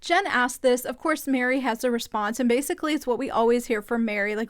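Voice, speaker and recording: A woman's voice: on the high side, a little fast, hardly any pauses, dry recording. A woman hosting a casual recap, chatty and opinionated with an amused edge. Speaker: podcast host recapping a reality show. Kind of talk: casual commentary.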